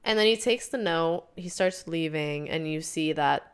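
A woman's voice: low voice, normal speed, smooth. A young woman in casual chat, chiming in on a film recap and acting out the characters' lines. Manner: expressive, chimes in, acts out quoted lines.

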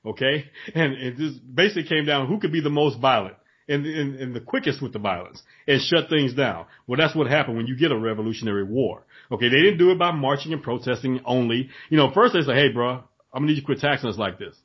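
A man talking in an animated casual chat, acting out voices in his stories. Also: mid-range voice, fast talker, breathy edge. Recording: dull lo-fi recording.

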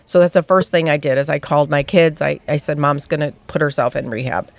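A woman's voice: deep voice, fairly even intonation, a little fast, gravelly, dry recording. A middle-aged woman, a podcast guest, frankly telling her story and acting out the dialogue she quotes. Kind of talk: candid personal storytelling.

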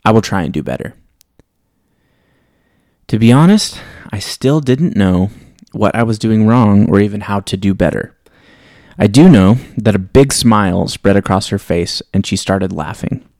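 A low-pitched man with a gravelly, creaky edge reads a story from his own life on his podcast at normal speed, in a reflective, wry manner, before a casual sign-off. His darkish tone comes through dry and close, with no room sound behind him.

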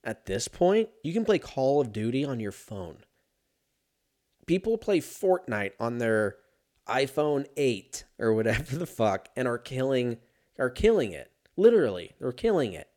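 Brief: male podcast host, mid-pitched voice, loose profane rambling, self-mocking asides. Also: very animated, a little slow, a little mellow. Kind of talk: casual solo podcast chat.

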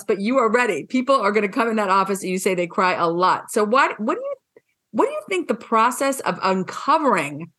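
A woman hosting an interview in a casual, chatty way. She is animated and emphatic and swears frankly. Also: on the high side. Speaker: podcast host.

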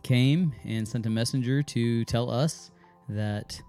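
A man's voice: medium pitch, slow pace, dark tone, faint music behind. A man co-hosting a family podcast, telling a story in a casual, rambling way and often correcting himself mid-sentence. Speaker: podcast co-host.

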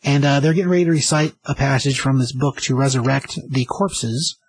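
A man's voice: mid-range voice, fairly quick, husky, no room sound, rough recording. A man hosting a casual comic book review, retelling the story with enthusiasm and many fillers. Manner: rambling, enthusiastic summary with fillers.

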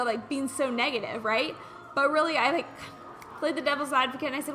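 A woman hosting a casual wellness podcast, telling stories in an animated way and acting out what people said. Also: high voice, a little fast, faint music behind. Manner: animated storyteller who acts out quotes. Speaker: podcast host.

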